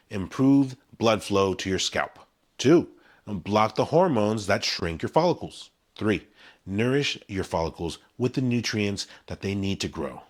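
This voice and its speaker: A man, a hair-care brand founder, giving a punchy, conversational direct-to-camera explainer with stressed key words. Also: fairly low pitch.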